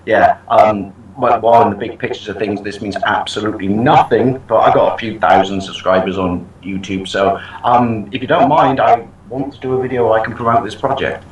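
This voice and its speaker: A man chats on a podcast panel in a halting way, often repeating himself. He sounds far from the mic in a very echoey space, with faint noise behind him. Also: lowish voice, fairly even intonation, lo-fi sound. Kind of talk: casual podcast chat. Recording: very echoey, distant audio.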